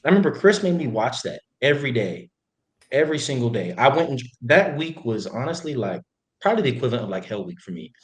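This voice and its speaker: A man's voice: medium pitch, quick pace. A young man, a former football player, telling stories in a chatty interview with lots of "like"s. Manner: animated, chatty, many fillers. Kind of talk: casual storytelling interview.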